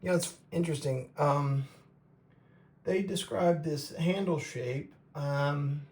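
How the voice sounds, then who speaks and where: A man hosting a casual knife review, talking in a halting, rambling way and tripping over names. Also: fairly high pitch, darkish tone. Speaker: knife reviewer, show host.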